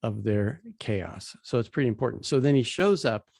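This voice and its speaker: A man's voice: medium pitch, lively intonation, normal speed, gravelly, darkish tone, breathy edge, no echo. A man casually teaching a Bible passage, retelling its scenes in plain, everyday slang as he walks through slides.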